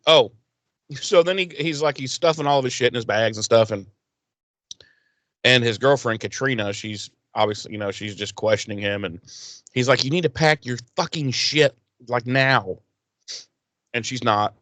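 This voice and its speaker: A man's voice: medium pitch, normal speed, fairly bright tone, no echo. A man co-hosting a podcast, chatting casually and swearing a lot as he recaps an episode. He acts out the characters' lines with a mid-range voice. The sound is dry and close, with no room around it. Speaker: podcast co-host.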